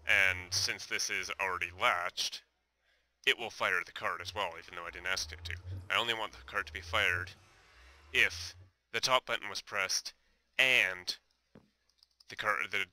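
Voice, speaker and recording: A man's voice: low-pitched, steady tone, measured pace, sharp tone. A young man giving casual gameplay commentary, thinking aloud and hesitating with many fillers.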